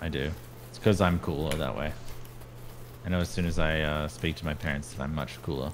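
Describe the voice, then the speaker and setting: A man's voice: a bass voice, steady tone, a little fast, noisy background. An Australian man chatting casually while playing a game, laid-back and offhand. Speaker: co-streamer. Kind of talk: casual gaming chat.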